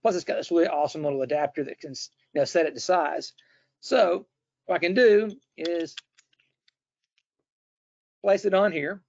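A man's voice: fairly high pitch, moderate pace, gravelly, pauses often, no room sound. A middle-aged man presenting a webinar, demonstrating a tool in a casual, chatty way with fillers and restarts. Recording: dull, dry, lo-fi webinar audio.

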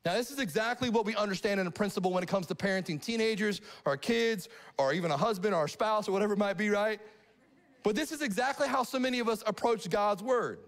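Middle-aged male pastor with a high-pitched voice, preaching live with animated call-and-response energy. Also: quick pace. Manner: animated, asks the congregation questions. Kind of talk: live sermon. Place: church sanctuary.

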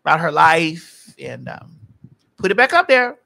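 Woman host, bright and forceful, repeats lines for punch. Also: low voice, big pitch swings, a little slow, vocal fry. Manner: loud, emphatic, repeats phrases for effect. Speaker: podcast host. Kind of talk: casual chat.

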